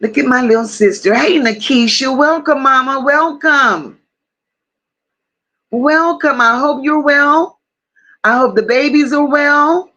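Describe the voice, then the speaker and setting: A woman hosting a casual livestream, slowly greeting viewers by name and reading their comments aloud. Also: high-pitched. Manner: warm drawn-out greetings with endearments. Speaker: livestream host.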